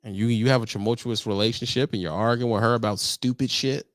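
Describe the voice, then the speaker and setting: A man hosting a casual trucking livestream, talking bluntly and swearing, his voice jumping high and loud when he presses a point. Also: fast talker, no room sound, clean studio sound. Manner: blunt, animated, swears, rises to loud high-pitched emphasis. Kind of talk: casual advice talk to viewers.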